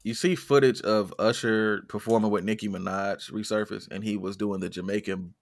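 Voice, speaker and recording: A man's voice: fairly low pitch, moderate pace. A man co-hosting a music podcast in casual, jokey chat. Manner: animated, jokey, breaks into loud impressions. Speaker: podcast co-host.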